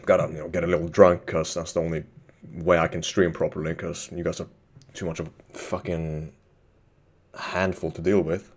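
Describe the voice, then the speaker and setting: A man live-streaming, chatting casually with his viewers, excitable and constantly swearing. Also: sits low, normal speed.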